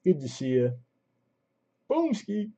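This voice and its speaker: Very dark-voiced man hosting a live auction. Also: mid-range voice, fairly even intonation, a little slow. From Southern California. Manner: rambling, chatty, lots of fillers and restarts. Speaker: auction livestream host. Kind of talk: casual livestream chat and auctioneering. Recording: dull lo-fi stream audio.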